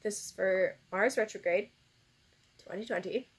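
Teary lady doing a tarot vlog, talks real slow, lots of ums and sighs. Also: medium pitch, husky. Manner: emotional, teary and grateful, with sighs and laughs; soft, rambling, many fillers. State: tearful. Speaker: tarot reader.

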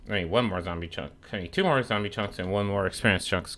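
A man's voice: fairly low pitch, brisk, few pauses, a bit bright. A young man giving casual, profane commentary while streaming a game, trash-talking the mobs that attack him. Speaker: gaming streamer.

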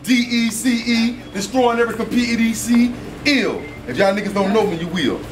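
A man from Washington, D.C. performing a boastful, taunting battle rap, often shouting. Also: very high-pitched, normal speed. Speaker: battle rapper. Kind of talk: battle rap performance before a live crowd. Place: indoor battle event. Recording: echoey room with loud crowd. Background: loud crowd and music.

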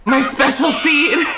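A young woman reacting live to an anime episode, exclaiming and gasping as she watches. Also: high voice. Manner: excitable, frequent gasps and exclamations. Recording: loud show soundtrack playing under her voice. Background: anime episode music and dialogue.

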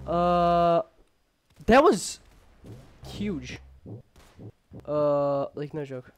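A man's voice: fairly high pitch, drawn-out words, long pauses, clear, resonant tone. Young man rambling over a shooter game. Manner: rambling, filler-heavy, jokey, bursts of excited yelling. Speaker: gamer. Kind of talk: casual gameplay commentary.

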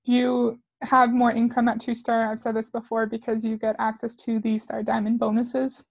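A woman's voice: fairly high pitch, completely flat delivery, normal speed, dry recording. A woman commentator reacting to clips with sarcastic, skeptical remarks. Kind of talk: critical commentary.

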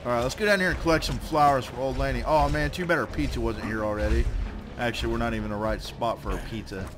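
A young man giving loose commentary on his own gameplay, swearing a lot, muttering to himself and yelling at enemies when they hit him. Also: medium pitch, fast. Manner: swears often, trash-talks enemies; yells in frustration when hit. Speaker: let's play gamer. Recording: game music playing behind.

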